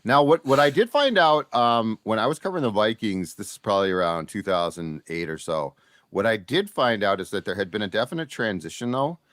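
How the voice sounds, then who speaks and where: A man hosting a casual sports talk show, telling stories in a relaxed, chatty way. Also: on the low side, a little fast, no echo, studio quality. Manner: storytelling, animated when excited.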